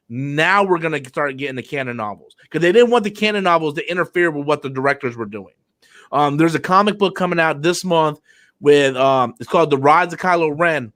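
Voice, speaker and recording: A young man hosts a live online discussion, ranting with lots of swearing and stammering over repeated words. His voice is on the high side and a bit bright.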